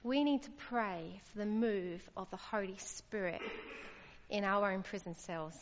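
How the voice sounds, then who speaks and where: A woman's voice: mid-range voice, measured pace, a little hiss or hum. A woman preaching a sermon, earnest and emphatic, her voice rising when she stresses a point. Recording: lo-fi with long hall reverb.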